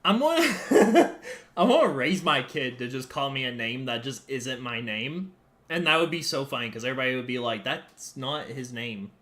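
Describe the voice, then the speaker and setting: A man's voice: mid-range voice, fairly quick. A man chatting casually to his viewers on a live stream, alone in a small room, swearing loosely and jumping between topics. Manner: animated, swears casually, talks to chat.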